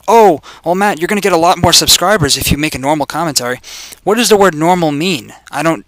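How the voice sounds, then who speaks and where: A young man giving casual gameplay commentary, swearing and joking, swinging between loud excitement and mumbling asides. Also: fairly high pitch, clear, resonant tone, dry recording, low-quality recording. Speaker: video game commentator.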